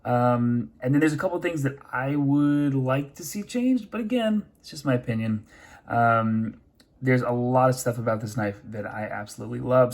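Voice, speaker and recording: Chatty young man reviewing gear. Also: mid-range voice. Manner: chatty, with many fillers and self-corrections. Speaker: knife reviewer. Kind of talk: casual product review.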